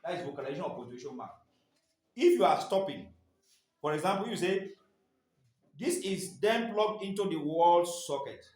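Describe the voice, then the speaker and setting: A man's voice: high-pitched, lively intonation, moderate pace, long pauses, a little mellow. A man teaching staff in a training session, leaving his sentences open for the class to finish. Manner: quizzing listeners with fill-in questions. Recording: echoey room.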